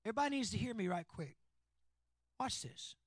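A man's voice: high-pitched, sing-song, brisk, slightly rough, no echo. A male pastor preaching a sermon, calling out to the congregation. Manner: preachy call-and-response with congregation.

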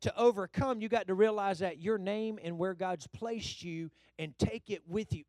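A man preaching a sermon, calling out to his congregation and swinging from low asides to loud shouts. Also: moderate pace, no echo. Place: church hall.

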